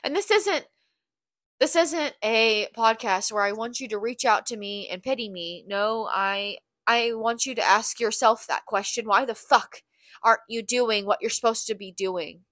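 A woman's voice: a little high, a little slow, fairly bright tone, no room sound, studio quality. A young woman hosting a podcast, talking in a blunt, candid, profane confessional monologue. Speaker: podcast host.

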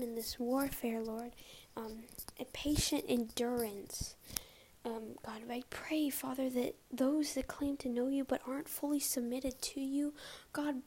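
Breathy young woman praying earnestly. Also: high-pitched, dark tone, slight background noise. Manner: earnest, breathy, often half-whispered. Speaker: Christian vlogger. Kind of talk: spoken prayer and closing message.

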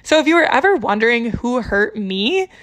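A young woman casually telling a story to her viewers, exasperated and animated, acting out the people she quotes. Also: fairly high pitch, moderate pace.

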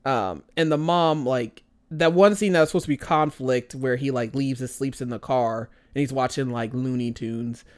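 A man co-hosting a casual movie review chat, rambling and animated, slipping into voices when he quotes characters. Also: mid-range voice, moderate pace, hardly any pauses, smooth. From American Midwest. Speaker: podcast co-host.

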